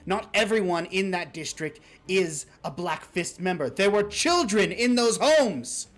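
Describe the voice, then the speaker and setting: Man doing a stern dragoness boss for a tabletop game, reproachful, voice pushed high and loud, soft music under. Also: moderate pace, breathy edge, natural voice. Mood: furious. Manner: reproachful, raises voice in outrage. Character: stern female dragon leader, scolding and disappointed.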